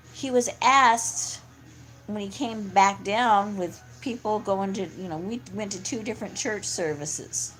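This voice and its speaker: A middle-aged woman talking in a casual, rambling monologue, full of fillers and restarts. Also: mid-range voice. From California. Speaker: vlogger.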